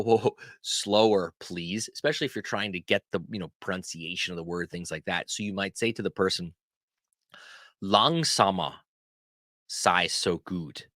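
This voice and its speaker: Bright-voiced man teaching phrases. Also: fairly low pitch, dry recording, clean studio sound. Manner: repeats phrases slowly and clearly for learners; friendly, chatty explanations. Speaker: language teacher. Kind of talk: casual language lesson.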